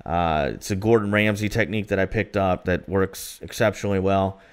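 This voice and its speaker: A man's voice: sits low, steady tone, fairly quick, clean tone. A man co-hosting a podcast, chatting casually and telling rambling stories with plenty of fillers. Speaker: podcast co-host.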